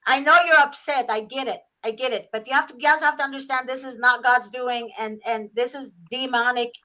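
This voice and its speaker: Emphatic female host with a bright, forceful voice. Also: high-pitched, fairly even intonation, a little fast. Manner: emphatic, exasperated. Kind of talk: talk-show conversation.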